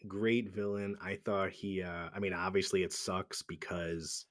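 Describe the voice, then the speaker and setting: Man, podcast co-host, casual movie talk, lowish voice, dry sound. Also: unhurried, no room sound. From Italian heritage. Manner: animated, swearing, acts out quotes with laughs. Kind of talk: casual film chat.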